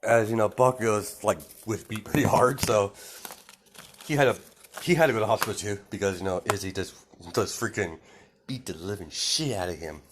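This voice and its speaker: A man's voice: lowish voice, normal speed, background noise. A man improvising a fan story aloud, rambling with many fillers and self-corrections.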